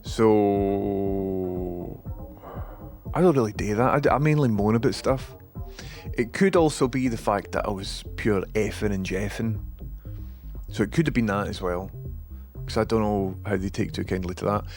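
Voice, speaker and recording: A man's voice: lowish voice, unhurried, pauses often, a little mellow, soft background music. A Scottish man hosting a live stream, chatting casually with viewers, with dry asides and some swearing.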